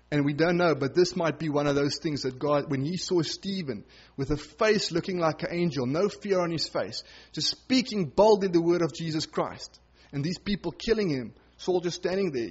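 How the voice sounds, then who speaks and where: A man delivering a sermon with a slightly high, husky voice. He preaches earnestly and leans hard into his key points. The recording sounds dull and lo-fi.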